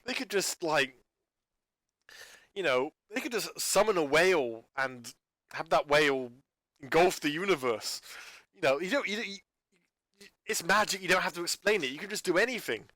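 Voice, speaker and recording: A man with a bright, forceful voice rambles off the cuff. He often trips over his words and restarts sentences, and he rants in exasperation. The sound is close and dry. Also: on the high side, expressive, moderate pace, long pauses, no echo. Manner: stumbling, restarting, exasperated ranting. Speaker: YouTuber reviewing a channel. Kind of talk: unscripted rambling monologue.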